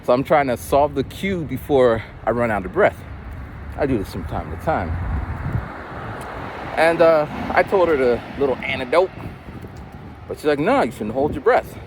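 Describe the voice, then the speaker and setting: Vlogger man, lively pitch, street traffic audible behind a phone recording. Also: normal speed, pauses often. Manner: chatty, storytelling, animated. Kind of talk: casual vlog monologue. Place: outdoors on city streets. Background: traffic and street noise.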